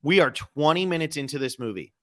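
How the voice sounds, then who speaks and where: A young adult man co-hosting a movie podcast, telling stories with animated acted-out quotes. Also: fairly high pitch, quick pace. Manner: animated storyteller, acts out quotes. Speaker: podcast co-host. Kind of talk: casual movie chat.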